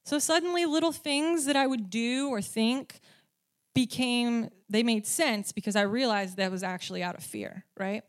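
A woman's voice: a little high, moderate pace. A woman giving a casual faith teaching, talking conversationally with many "like" and "um" fillers and frequent checks of "right?" and "okay?". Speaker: Christian speaker teaching on faith.

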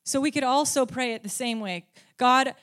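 A Christian speaker, a woman with a highish, slightly quick voice, gives a casual teaching on faith. She talks conversationally, sprinkling in lots of "like" and "um" and often checking in with "right?" and "okay?"

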